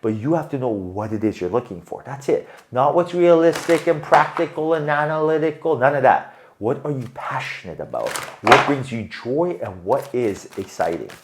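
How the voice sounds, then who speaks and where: A man giving a tarot reading in an animated, emphatic way, often checking in with "right?". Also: mid-range voice, moderate pace, noisy background. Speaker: tarot reader.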